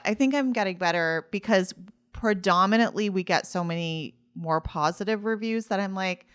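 A woman's voice: medium pitch, normal speed, smooth, no echo, clean studio sound. A woman with a Valley Girl accent, a beauty podcast co-host chatting casually about her work. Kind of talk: casual conversation.

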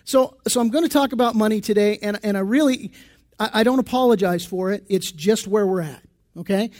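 A man's voice: sits high, fairly quick, a little mellow. A male pastor giving a sermon in a church, talking in a conversational style, full of asides and restarts.

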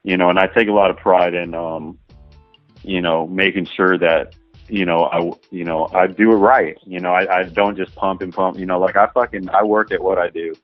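Deep-voiced crude rambling man. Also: fairly even intonation, moderate pace, no room sound, lo-fi sound, soft background music. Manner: rambling, crude, peppered with "you know" and "man". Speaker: adult film performer guest. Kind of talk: casual interview talk.

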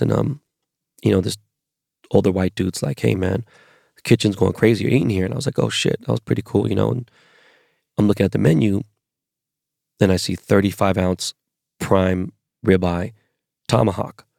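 A man with a low, heavily gravelly voice tells a rambling, profanity-laced story in a casual monologue. The sound is close and dry. He comes from Los Angeles and talks like a podcast host chatting with his listeners. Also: lively intonation, normal speed, pauses often, darkish tone, no room sound.

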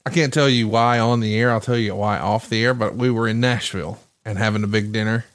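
A man hosting a podcast, chatty and quick to laugh, telling stories in casual conversation. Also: on the low side, fairly even intonation. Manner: chatty storyteller, laughs a lot. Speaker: podcast host.

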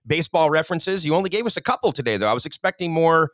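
A man's voice: on the high side, animated, rapid-fire, fairly bright tone, no room sound. A man co-hosting a sports podcast, wrapping up an interview with friendly, joking banter. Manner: friendly wrap-up patter, joking. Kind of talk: casual podcast chat.

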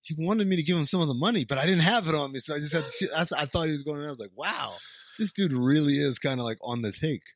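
A man co-hosting a casual talk show, making lively, sarcastic comments. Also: on the high side, quick pace, dry recording. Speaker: podcast co-host. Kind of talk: casual chat.

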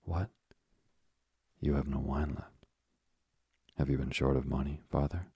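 A man reading the part of an earnest young male sailor, a devoted son, in a soft, slow voice. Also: rumbling low, steady tone, slightly rough, no room sound, clean studio sound, exaggerated voice.

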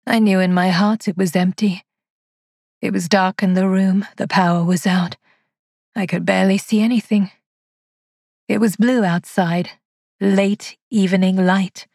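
A frail, frightened old spinster tells of her haunted nights, voiced by a woman reading the story. The voice is husky and hushed, recorded dry and close to the mic, in a mid-range tone. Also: mid-range voice, fairly even intonation, measured pace, pauses often, no echo. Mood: uneasy. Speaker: narrator. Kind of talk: scripted first-person narration.

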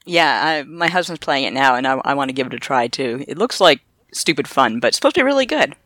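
A woman's voice: very deep voice, expressive, quick pace, fairly bright tone, no room sound, clean studio sound. A woman from Canada co-hosting a casual podcast, joking around and laughing easily. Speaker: podcast co-host.

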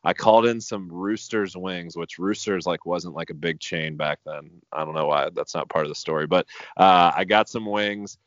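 A man's voice: sits low, moderate pace, a bit bright, dry recording, lo-fi sound. A man co-hosting a podcast, telling a rambling story in casual chat, full of "like" fillers. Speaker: podcast co-host.

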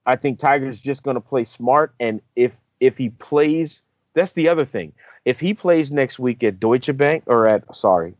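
A man co-hosting a golf podcast, telling a story in a casual, animated way and acting out the quotes. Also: medium pitch, no echo, highs cut off. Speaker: podcast co-host, on-course reporter.

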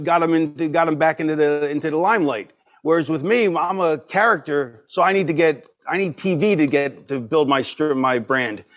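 Animated middle-aged man telling stories. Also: a little high, highs cut off. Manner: animated storyteller, acts out quoted voices. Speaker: podcast guest. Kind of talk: casual storytelling.

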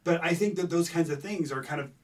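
Slightly distant, higher-voiced man chatting. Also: fast talker. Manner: rambling, many restarts, animated when making a point. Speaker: podcast co-host. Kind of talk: casual chat about tabletop games.

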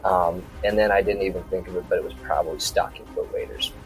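A man's voice: deep voice, steady tone, fast talker, soft background music, low-quality recording. A man from South Dakota, a podcast guest, telling a story in a casual, rambling way full of quoted back-and-forth dialogue.

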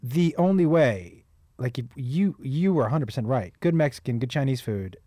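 A man from the United States hosting a casual podcast chat, animated and profane, laughing easily. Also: medium pitch, normal speed, no echo, clean studio sound. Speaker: podcast host.

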